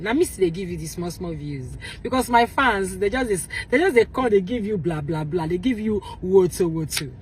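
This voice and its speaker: A young Nigerian woman with a Nigerian accent scolds and warns in an angry rant straight to camera, shifting between shouts and low pleading. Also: a little hiss or hum, poor audio. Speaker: social media personality.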